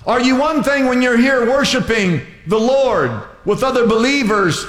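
A man's voice: very high voice, moderate pace, a bit bright. An older male pastor preaching a sermon with emphatic, repetitive exhortations. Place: church sanctuary. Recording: echoey hall.

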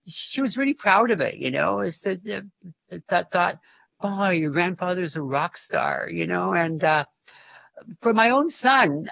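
A man's voice: high voice, creaky, no room sound. An older man, a former music teacher, telling stories in an interview and chuckling often as he talks. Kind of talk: interview storytelling. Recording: dull lo-fi recording.

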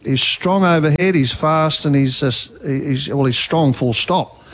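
Easygoing Australian football colour commentator. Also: male voice, on the high side, unhurried. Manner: relaxed colour commentary with musing asides. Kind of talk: local radio football commentary. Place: commentary box at a ground.

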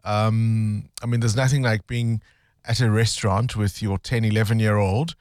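A man's voice: lowish voice, steady tone, moderate pace, a little mellow, no room sound, studio quality. A man hosting a breakfast radio show, chatting casually and teasing his co-hosts. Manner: teasing, conversational. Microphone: studio mic.

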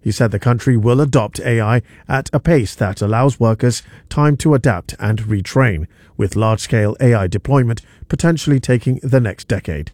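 A man reading the news headlines on radio in a measured, formal delivery. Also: medium pitch, a little mellow, dry recording. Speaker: newsreader. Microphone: studio mic.

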